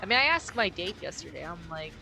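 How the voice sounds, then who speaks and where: Woman streamer, low-pitched, gruff edge, casual and candid, slightly pushed-down register. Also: sing-song, fairly quick, sharp tone. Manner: speaks in a low, somewhat forced register; candid and musing. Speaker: game streamer.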